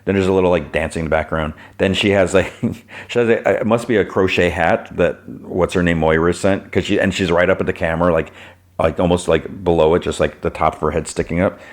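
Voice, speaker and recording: Male podcast host, low voice, loose rambling recap delivery, heavy on filler words. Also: fairly even intonation, a little fast. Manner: rambling, fills with "like" and "you know", swaps in "fudging" for curses. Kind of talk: casual TV episode recap.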